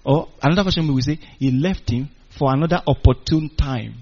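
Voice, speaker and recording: A man preaching a sermon, animated and calling out to his congregation, chuckling between points. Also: on the high side, brisk, breathy edge. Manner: animated, call-and-response with congregation. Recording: dull lo-fi recording.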